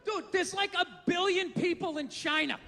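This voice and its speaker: Stand-up comic, high bright voice, profane incredulous rant, live club reverb. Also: male voice, moderate pace, a little hiss or hum. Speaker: stand-up comedian. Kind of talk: stand-up comedy routine. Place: comedy club stage.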